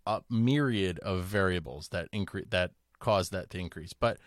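A man's voice: low voice, measured pace, no echo, clean studio sound. A man hosting a podcast, talking casually in a rambling way with restarts and lots of "like". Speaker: podcast host. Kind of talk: casual discussion.

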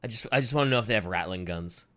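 Playful man with a lively voice. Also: fairly low pitch, rapid-fire. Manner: playful, joking, guessing aloud. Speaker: co-host. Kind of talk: casual chat.

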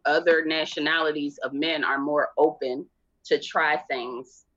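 A man co-hosting a podcast, casual banter with quick interjections. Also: a little high, fairly even intonation, bright, forceful tone. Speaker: podcast co-host. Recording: slightly dull sound.

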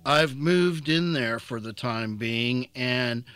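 A man's voice: mid-range voice, takes it slowly, fairly bright tone, clean tone, faint music behind. A man reading an earnest, sheepish visitor. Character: polite, awkward man visiting a priest.

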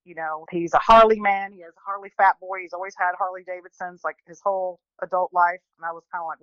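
A woman in her forties, a guest telling a personal story in an animated, chatty way, often restarting and quoting people. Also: lowish voice, fast talker, few pauses, smooth, no room sound, muffled recording. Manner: chatty, animated, many restarts and quoted voices.

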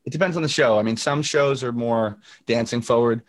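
A young singer-songwriter speaks a little fast in a mid-range voice during a casual video call interview, telling stories chattily, full of fillers and acted-out quotes.

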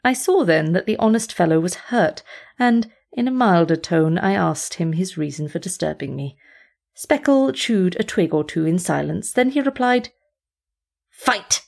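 A woman narrating a storybook in a measured, formal first-person reading. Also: fairly low pitch, lively intonation, creaky, darkish tone. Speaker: audiobook reader.

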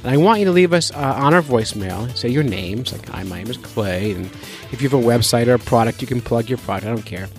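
A man hosts a casual fishing podcast with a loose, joking, self-mocking delivery. His voice sits at an ordinary middle pitch. Faint music plays underneath him. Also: animated, fast. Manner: goofy, self-mocking, chatty. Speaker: podcast host.

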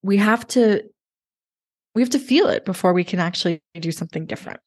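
A woman speaking as a love coach in a casual podcast conversation, animated, emotional and emphatic. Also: mid-range voice, a little fast.

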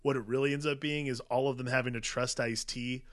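A man's voice: mid-range voice, fairly even intonation, a little fast, fairly bright tone, no echo. A man co-hosting a casual movie review chat, talking emphatically, swearing and filling with "like". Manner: emphatic, swears, uses "like" as a filler. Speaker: podcast co-host.

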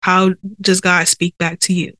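A woman's voice: on the low side, level tone, unhurried, bright, forceful tone, no room sound. Earnest woman sharing her faith, dry sound. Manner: earnest, conversational, with audible breath-holding and sighs. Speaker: podcast host. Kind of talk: faith-based personal testimony. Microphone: sensitive podcast microphone.

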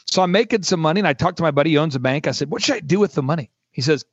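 A middle-aged man telling a long personal story in casual talk, acting out quoted dialogue with lively energy. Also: a little high, very fast, no echo, muffled recording. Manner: animated anecdote with acted quotes.

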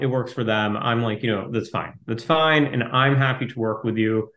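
A man answering interview questions as a startup investor, talking quickly and in a fairly flat way. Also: mid-range voice. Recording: roomy echo.

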